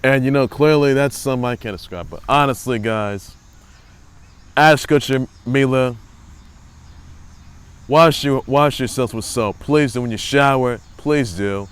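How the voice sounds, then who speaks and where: A man with a smooth, resonant voice at an ordinary middle pitch hosts his own sports report. He rambles and circles back on the same phrases, teasing and trolling the teams he talks about in loose, casual commentary. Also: measured pace, long pauses.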